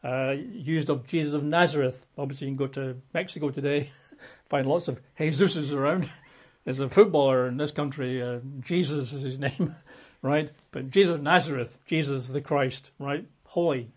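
A man preaching a Bible teaching in a relaxed, conversational way, full of asides and self-corrections. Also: mid-range voice, moderate pace.

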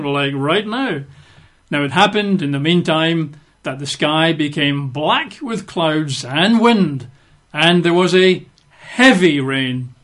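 A man leading a Bible study, reading scripture aloud and then commenting on it informally, slowing down and stressing words for emphasis. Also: on the high side, a bit bright. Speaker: Bible teacher.

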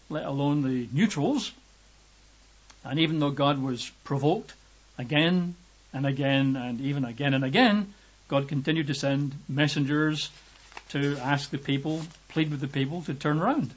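A man from Britain preaching a lively, emphatic sermon, raising his voice to act out quotes. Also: moderate pace, slightly rough. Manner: lively emphatic, acts out quotes with raised pitch. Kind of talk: sermon teaching. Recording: dull lo-fi recording.

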